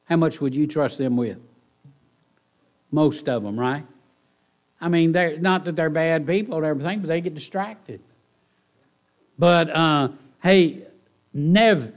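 A man's voice: on the high side, measured pace, long pauses. Folksy preacher man. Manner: folksy, animated, rhetorical questions to the congregation. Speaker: pastor. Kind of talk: sermon. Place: church.

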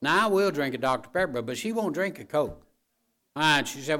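A man's voice: fairly high pitch, brisk, bright, forceful tone. A middle-aged man preaching a folksy sermon. He talks conversationally, tells jokes and home stories, and keeps checking in with the congregation. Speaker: pastor.

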